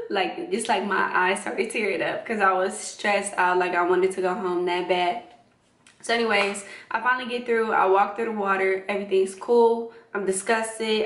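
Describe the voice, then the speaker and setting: A young woman in her twenties telling a dramatic story in a casual, animated way. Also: mid-range voice, roomy sound. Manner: animated, dramatic retelling with screams and laughs. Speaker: vlogger.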